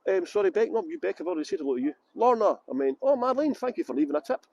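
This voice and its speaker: This man's voice sits high with a dark tone, very animated and racing along. He's a middle-aged tour guide livestreaming from a busy city outdoors on a handheld phone, joking, rambling and calling out viewers by name.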